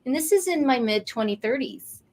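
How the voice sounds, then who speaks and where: Talk show guest, woman, late 50s, higher voice, animated and heartfelt storyteller. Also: normal speed. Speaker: guest, energy coach. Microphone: studio or video call mic.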